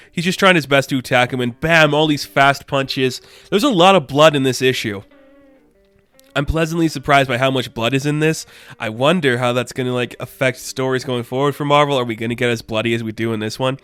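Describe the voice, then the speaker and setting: A man recapping a comic book in a casual, chatty manner, enthusiastic and quick to laugh. His voice is clear and smooth, at an ordinary pitch. The recording is dry and close. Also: fairly bright tone, no echo.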